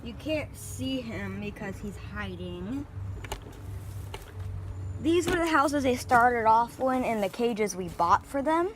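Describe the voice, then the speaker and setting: A young woman films a casual vlog on a handheld phone in her backyard, showing off her pet guinea pigs. Her fairly high voice has lively intonation and an unhurried pace, and there's background noise. She chats informally with lots of fillers and uses sweet baby talk with the animals.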